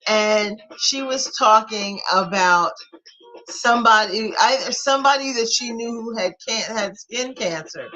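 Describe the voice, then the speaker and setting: A middle-aged woman hosting a live online flash sale, chatting with viewers in an animated, familiar way. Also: on the high side, a little slow, soft background music, rough recording. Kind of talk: live sales chat.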